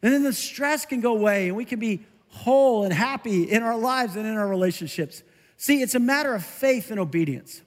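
A middle-aged male pastor preaching a conversational, animated sermon. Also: high-pitched, brisk, big-room sound. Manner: conversational, animated, self-interrupting with laughs.

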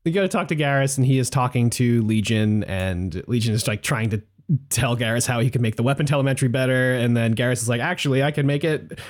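Man animatedly recapping a game. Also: medium pitch. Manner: animated retelling with quick impressions and laughter. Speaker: podcast co-host. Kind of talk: casual chat recapping a video game.

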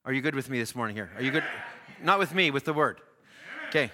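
A man's voice: mid-range voice, expressive, fast talker, pushed and bright. A man preaching a sermon earnestly, building emphasis through rhythmic repetition. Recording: long reverb of a church hall.

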